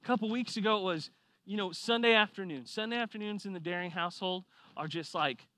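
A man preaching a sermon, telling a personal story with lively swings from quiet reflection to loud excitement. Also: sits high, fast talker, no room sound. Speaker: pastor.

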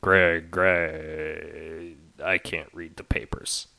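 Man doing a gruff, dim rumor-monger. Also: a bass voice, flat delivery, extremely slow, bright, forceful tone, pitched below the performer's own voice, exaggerated voice, poor audio. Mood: rambling. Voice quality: gruff, wandering unplaceable accent. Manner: rambling, hesitant, full of uh. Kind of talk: tabletop game character voice.

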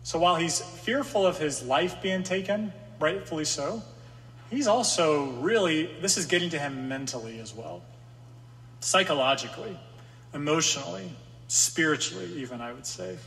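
A man's voice: a little high, animated, normal speed, gravelly, fairly bright tone. A man preaching a conversational sermon to a room of listeners, sometimes voicing the psalmist's anxious pleas. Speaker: pastor. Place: room with an audience. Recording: long hall reverb.

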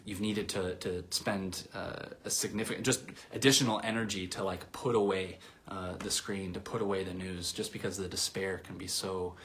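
Guy giving a sermon, kinda low voice, casual chatty delivery w lots of uhs and restarts. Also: fairly bright tone. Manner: conversational, with many fillers and restarts. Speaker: pastor.

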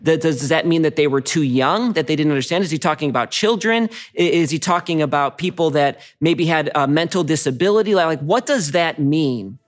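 A man's voice: fairly high pitch, lively intonation, fairly quick, hardly any pauses. A man preaching as a pastor, telling stories earnestly and reading from scripture. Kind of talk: sermon.

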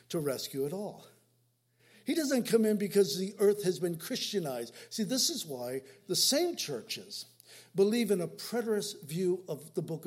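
A man with a high, husky voice preaching a sermon. He talks in a loose, conversational way, repeating words and restarting his sentences. He moves between louder emphasis and quiet asides. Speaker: pastor.

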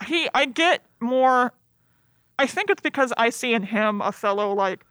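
A woman's voice: a little high, lively intonation, unhurried, a bit bright, smooth, no room sound, clean studio sound. A young woman co-hosting a casual podcast about a movie, blunt, sweary and sarcastic. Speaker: podcast co-host.

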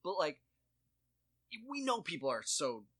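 A man's voice: fairly high pitch, a little slow, husky. A man in his thirties chatting casually and joking, acting out quoted voices as he tells stories. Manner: animated storyteller, acts out quotes. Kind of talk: casual comedic chat.

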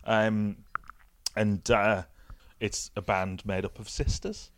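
A man's voice: on the low side, fairly even intonation, slow pace, slight background noise. A man co-hosting a podcast who talks casually and hesitantly about music. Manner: hesitant, filler-heavy, laid-back. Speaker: podcast co-host.

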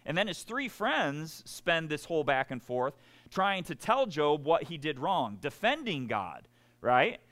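Preacher guy, slow deliberate delivery, lively and sarcastic, lots of y'all. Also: fairly high pitch. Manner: animated, sarcastic asides, frequent "y'all". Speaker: pastor. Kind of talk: sermon.

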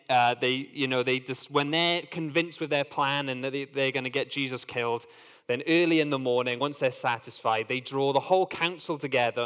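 An earnest man reads scripture and explains it into a microphone. His voice sits at a middling pitch and stays conversational. A long hall reverb carries every line. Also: fairly bright tone. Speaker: Bible teacher. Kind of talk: Bible reading and teaching.

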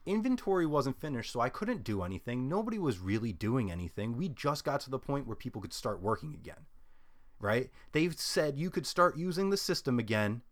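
Young man, casual podcast chatter, lively swooping pitch, swears constantly. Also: brisk. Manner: profane ranting, mimics people in a high voice; laughs often. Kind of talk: casual chat.

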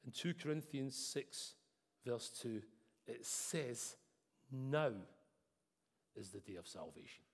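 A man preaching a sermon, earnest, swinging between loud emphasis and soft intensity. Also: mid-range voice, expressive, slow, gravelly, long pauses. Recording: echoey hall with long reverb.

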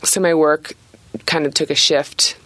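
A woman's voice: low-pitched, steady tone, a little slow, a bit bright, dry recording. A woman in her thirties, an artist guest chatting casually on a podcast, talking with many restarts and frequent laughs.

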